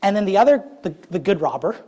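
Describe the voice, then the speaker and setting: A woman preaches a sermon in a chatty, informal way, tossing "right?" and "okay?" to her listeners as she goes. She slows right down and stretches out the lines she wants to land. Her voice sits at an ordinary middle pitch. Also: lively intonation, warm tone, breathy edge. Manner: conversational, checks in with the congregation, many fillers; stretches key phrases slowly for emphasis.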